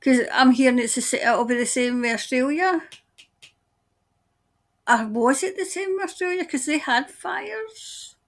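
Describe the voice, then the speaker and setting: A woman giving a tarot-style psychic reading, musing aloud in a halting way as she trails off and starts her sentences over. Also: high voice, animated. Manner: speaks of seeing and hearing things. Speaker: tarot reader. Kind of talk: intuitive psychic reading monologue.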